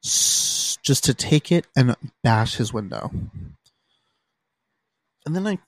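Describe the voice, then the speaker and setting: A man's voice: medium pitch, animated, slow pace, no room sound. A young man hosting a casual solo podcast, telling stories in an exasperated way and swearing freely, recorded in a room at home. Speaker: podcast host.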